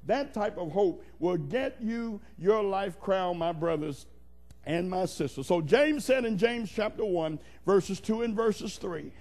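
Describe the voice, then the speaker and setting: A male preacher delivering a sermon with emphatic, rhythmic build-ups and repeated phrases. His voice sits high and carries a gravelly fry. He calls out to his congregation as he goes. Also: lively intonation, a little slow, a little mellow. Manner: repetitive, building cadence.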